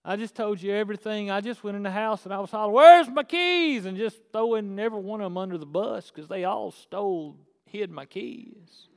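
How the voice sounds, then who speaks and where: A male pastor preaching a sermon, swinging between hushed and shouted passages. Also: high voice, steady tone, brisk, vocal fry, few pauses. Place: church sanctuary. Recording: echoey church hall.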